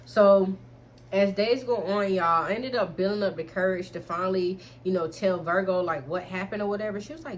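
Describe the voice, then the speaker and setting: A woman's voice: mid-range voice, normal speed, slight background noise. A young adult woman vlogger telling a candid storytime in frank slang, keeps addressing listeners as y'all.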